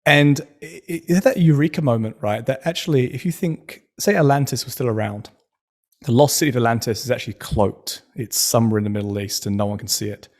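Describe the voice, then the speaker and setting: A man's voice: medium pitch, a little fast. Tangent-prone man hosting a chat. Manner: enthusiastic storyteller, goes off on tangents. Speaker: podcast host. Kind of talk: casual conversational interview.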